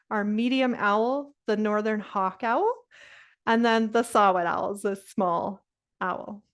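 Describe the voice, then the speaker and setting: A woman presenting a nature lesson to children over a video call, upbeat and encouraging, with laughs and fillers. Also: on the high side.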